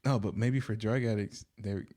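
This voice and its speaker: Low, mellow-voiced young man co-hosting. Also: normal speed. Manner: relaxed, joking, reads an article aloud. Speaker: podcast co-host. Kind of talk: casual podcast chat.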